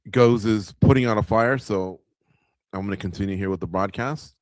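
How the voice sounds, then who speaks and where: Guy hosting a fight stream, kinda low voice, chatty, talks to the folks watching, dry sound. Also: normal speed, a little mellow, no room sound. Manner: conversational, talks to viewers, lots of filler words. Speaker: radio show host. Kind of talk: live fight watch-along commentary.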